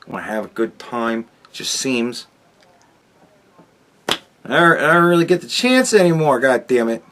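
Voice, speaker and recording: Man, blunt, swears a lot, stammers and restarts, casual commentary, medium pitch. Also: very animated, moderate pace, a bit bright, a little hiss or hum. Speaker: podcast host.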